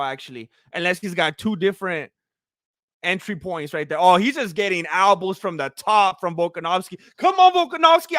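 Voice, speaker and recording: A man giving casual, excitable live commentary on a fight, joking and teasing the fighters as he watches. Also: high-pitched, no room sound, clean studio sound.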